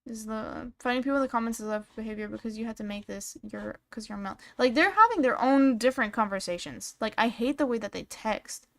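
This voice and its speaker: A woman's voice: fairly high pitch, fairly quick, creaky, few pauses, no room sound. A woman commenting casually on a stream, reading messages aloud and reacting bluntly, with frequent swearing.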